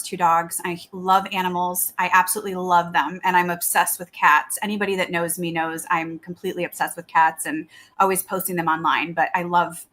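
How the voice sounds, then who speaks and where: A middle-aged woman talks about herself as a guest in an interview. She is friendly and earnest, and her speech is full of small fillers. Her voice sits a little low. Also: a bit bright. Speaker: guest psychic medium. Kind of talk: casual interview chat.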